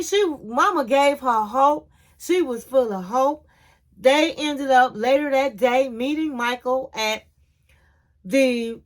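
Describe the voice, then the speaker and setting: A woman's voice: high-pitched, a bit bright. A woman hosting a casual reality TV recap, telling the story in a sassy, slangy way.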